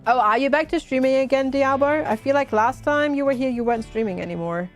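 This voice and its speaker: A woman's voice: high voice, fast, soft background music. A woman game streamer casually chatting, greeting and reading out her chat viewers while she plays.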